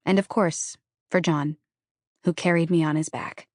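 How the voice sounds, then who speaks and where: A woman's voice: fairly low pitch, fairly even intonation, measured pace, a little mellow, dry recording, studio quality. A woman narrating a novel in the first person, with a wry, conversational, self-deprecating delivery. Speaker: audiobook narrator.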